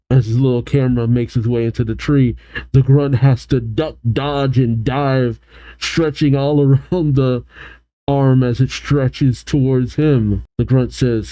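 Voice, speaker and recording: A man's voice: mid-range voice, steady tone, unhurried, mellow, no room sound, rough recording. A man reading a comic aloud and reacting to it, breaking off with amused exclamations. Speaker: manga reaction host.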